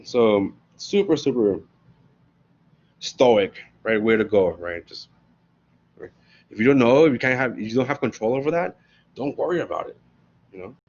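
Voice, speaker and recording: A man giving a casual classroom lecture as a professor, telling the story in slangy, animated bits and often asking "right?". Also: medium pitch, normal speed, long pauses, dull audio.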